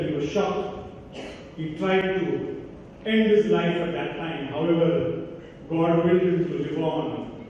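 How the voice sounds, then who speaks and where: A man's voice: a little high, a little hiss or hum. Man telling a story in an echoey hall. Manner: measured, expressive storyteller who voices the characters. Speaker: speaker at a college Christmas celebration. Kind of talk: storytelling address. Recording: echoey hall from far, dull sound.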